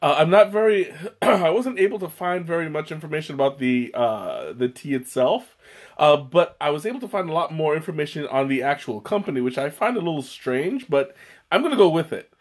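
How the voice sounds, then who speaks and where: A man hosting a casual livestream, a little hoarse from a cold, rambling with many fillers and restarts as he greets viewers. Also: a little high, very animated, a little fast. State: slightly hoarse from a cold, coughing. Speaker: livestream host.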